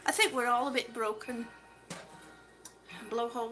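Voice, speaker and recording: A woman's voice: on the high side, very animated, fairly quick. A woman chatting on a livestream while out on a walk, rambling and laughing often. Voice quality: rambling, chatty, self-described waffler. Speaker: livestream vlogger. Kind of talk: casual livestream chat while walking. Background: background music.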